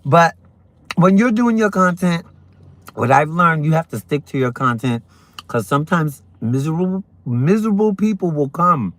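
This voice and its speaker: A man casually chatting on his morning livestream, animated and talking while he eats breakfast. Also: a little high, moderate pace. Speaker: livestream host.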